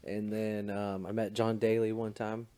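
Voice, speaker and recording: A man chatting on a casual podcast in a relaxed way, with quick quips. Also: lowish voice, smooth. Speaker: podcast co-host. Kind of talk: casual chat.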